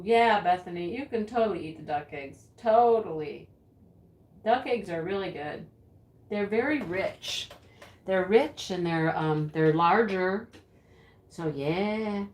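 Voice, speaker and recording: A chatty home-craft streamer who keeps losing the thread; unhurried, lilting talk, roomy sound. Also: female voice, medium pitch. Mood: chatty rambling. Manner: rambling, giggles often, easily flustered. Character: rambling, giggly woman hosting a home craft livestream. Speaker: home craft livestream host. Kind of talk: sketch comedy character acting. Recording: roomy echo.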